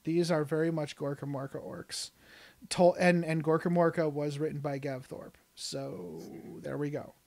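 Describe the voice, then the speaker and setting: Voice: mid-range voice, steady tone, moderate pace, a little mellow. A podcast co-host chatting enthusiastically about a book, rambling with frequent restarts and laughs. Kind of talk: casual chat.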